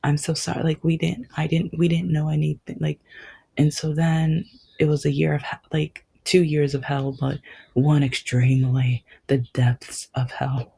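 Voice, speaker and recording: A young adult woman hosting a podcast, telling a personal story in a halting way, with many restarts and whispered stretches. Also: low-pitched, little pitch movement, vocal fry, mellow, breathy edge. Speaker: podcast host.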